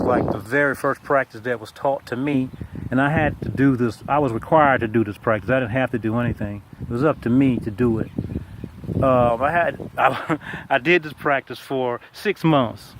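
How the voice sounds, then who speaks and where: A man's voice: medium pitch, background noise. A man teaching a meditation practice in a casual, emphatic way, talking straight to the listener and repeating his key points. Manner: informal, repetitive, emphatic, talks straight to the listener. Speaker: tai chi and meditation teacher. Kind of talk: casual spoken lesson.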